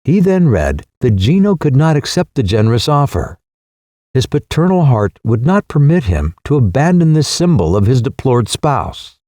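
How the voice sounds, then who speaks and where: A man narrates a classic novel as an audiobook, reading a script in a measured, expressive way. His warm, mellow tone moves across a wide pitch range, and the recording is close and dry.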